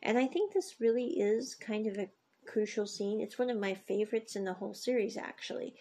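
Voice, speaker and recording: Woman, casual series recap, gravelly, husky, chatty, retells scenes. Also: on the high side, mellow. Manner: chatty, retells scenes with quoted lines, frequent fillers. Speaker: series reviewer.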